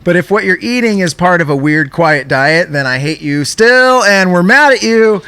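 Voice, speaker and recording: A young man co-hosting a podcast, telling an animated story in casual chat and swearing often. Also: high voice, moderate pace, clean tone, no echo. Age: young adult. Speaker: podcast co-host.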